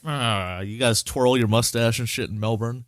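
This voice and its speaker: A man's voice: medium pitch, normal speed, no room sound, studio quality. A young man hosting a casual podcast chat, teasing his co-host and swearing freely. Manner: blunt, profane, teasing.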